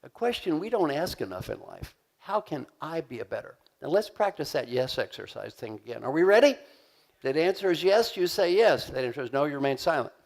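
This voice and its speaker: A man giving a live leadership seminar in a large conference hall, energetic and joking as he leads the audience in call-and-response. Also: on the high side, a little fast, creaky. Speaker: leadership coach and keynote speaker. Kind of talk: live motivational seminar talk.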